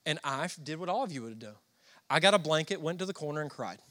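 A Southern man from the Southern United States preaches a sermon to a congregation in church, his voice bright, fairly high, and expressive. He talks fast in a Southern American accent, telling stories conversationally and asking the crowd questions.

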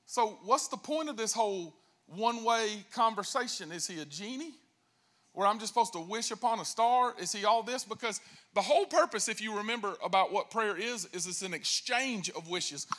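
Man preaching, high voice, bright tone, animated joking storyteller, sermon. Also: normal speed. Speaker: pastor.

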